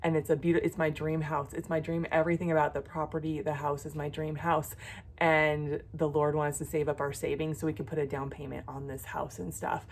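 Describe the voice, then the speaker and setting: A woman's voice: sits low, little pitch movement, fairly quick, slight background noise. A woman vlogger talking casually about her crafting, then earnestly praying for her viewers, with frequent ums. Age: adult with a son. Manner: chatty, with frequent ums and self-corrections. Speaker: jewelry-making vlogger. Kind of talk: casual vlog chat and prayerful encouragement.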